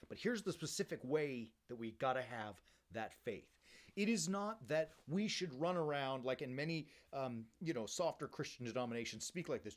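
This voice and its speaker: An energetic male priest preaches in a loose, conversational way. His voice sits at an ordinary middle pitch, and he keeps tossing in "right?" and bits of casual slang. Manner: uses casual slang like "bro" and "baby". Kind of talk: sermon.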